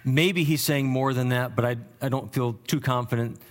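A man's voice: mid-range voice, steady tone, normal speed. A pastor preaching an expository sermon, earnest and thinking aloud, often repeating words and lifting his voice to stress key phrases.

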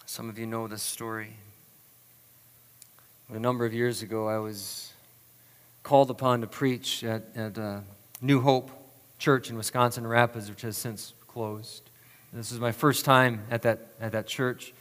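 A male pastor telling a story in a slow, earnest sermon, his lines often trailing off softly. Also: medium pitch, level tone, long reverb tail.

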